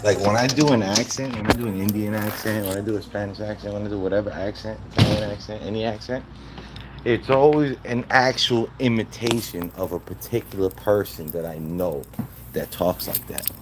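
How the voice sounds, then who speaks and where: A man's voice: lowish voice, brisk. A man casually chatting with his live stream audience, loose and profane, talking to viewers in chat by name. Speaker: livestreamer. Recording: background noise.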